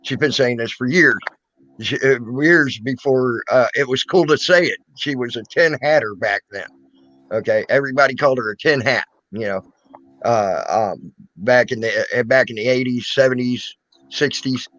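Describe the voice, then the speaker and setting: A man's voice: mid-range voice, moderate pace, a bit bright, no room sound, highs cut off. A man hosting a casual online talk show, rambling and joking crudely. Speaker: host.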